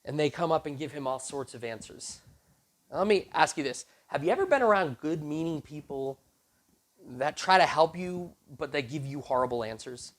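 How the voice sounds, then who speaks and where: A man's voice: on the high side, normal speed. A man preaching to a youth group, retelling a Bible story casually and acting out the characters' lines. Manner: animated, acts out quoted characters with casual slang. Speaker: youth pastor.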